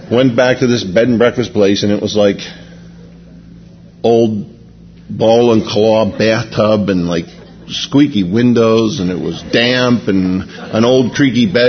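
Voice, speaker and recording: A man's voice: on the low side, muffled recording, a little hiss or hum. Rambling chatty male preacher. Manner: rambling, chatty, full of "you know" and restarts. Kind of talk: anecdotal sermon storytelling.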